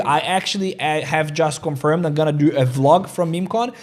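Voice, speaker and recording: Crypto stream host, man, upbeat and talkative, reads viewer chat, average pitch. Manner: energetic, chatty, reads out chat comments. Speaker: crypto trading livestream host. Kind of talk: casual livestream chat. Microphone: desk mic, studio chair creaking.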